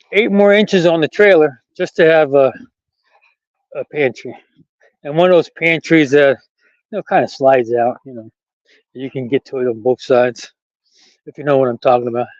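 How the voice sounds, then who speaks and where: A vlogger walking a country trail rambles chattily to his camera in a casual walking vlog, quick to laugh. His voice sits slightly high for a man and has a darkish tone. The audio is dull, lo-fi, and close, completely dry with no echo or room sound.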